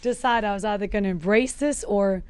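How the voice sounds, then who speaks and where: A woman's voice: medium pitch, brisk, clear, resonant tone, no room sound. Laughing South African woman in her forties. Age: 40s. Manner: lively, laughs often, acts out her own quoted lines. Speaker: podcast guest. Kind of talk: casual chat.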